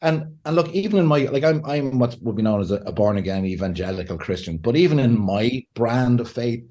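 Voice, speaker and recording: A man, a pastor and counselor, talking as a podcast guest in a lively way, often laughing and acting out what people say. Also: medium pitch, fairly quick. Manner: animated, laughs often, acts out quotes. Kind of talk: conversational podcast interview.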